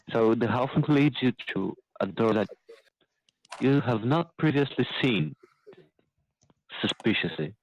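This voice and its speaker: A man's voice: lowish voice, highs cut off. A man narrating as game master for a tabletop game, stopping now and then to correct himself. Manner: halting, self-correcting narration.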